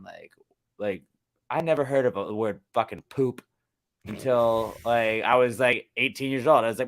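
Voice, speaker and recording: A young Texan man co-hosts a casual podcast chat, rambling along, swearing freely and slipping into silly voices. He speaks at a medium pitch and a normal speed.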